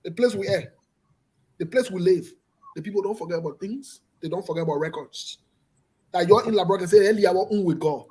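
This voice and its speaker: A man runs a political talk show, pressing his points with emphatic repetition. His voice has a husky, breathy edge. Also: high-pitched, a little fast, darkish tone.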